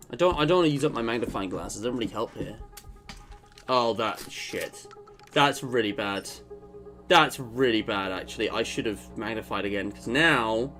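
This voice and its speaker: A man streaming live and commentating on his gameplay, exclaiming and groaning as things go wrong. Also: medium pitch. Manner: animated, swears and groans at the game.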